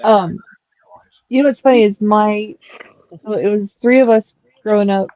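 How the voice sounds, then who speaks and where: A woman hosting a casual chat and telling family anecdotes in a relaxed, chatty way. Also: mid-range voice, measured pace, no room sound. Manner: chatty storyteller, acts out voices in her anecdotes. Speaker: stream host. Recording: dull lo-fi dry sound.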